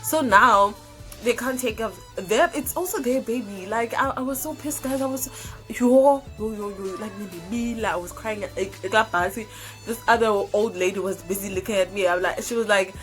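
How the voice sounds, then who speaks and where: Animated South African woman telling a story. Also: fairly high pitch, moderate pace, soft background music. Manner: animated, swearing, hesitant fillers. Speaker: YouTuber. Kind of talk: casual storytime.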